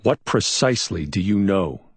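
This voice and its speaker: A man plays a male investigator in a crime audiobook, gently but persistently pressing for answers. He uses a deep, slightly rough voice pitched above his natural one, with lively intonation at a normal speed, recorded in studio quality with no echo.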